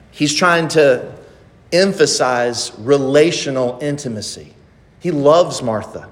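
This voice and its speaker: Male pastor preaching, kinda high voice, lots of rhetorical questions, big echoey church hall. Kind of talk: sermon. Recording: long hall reverb.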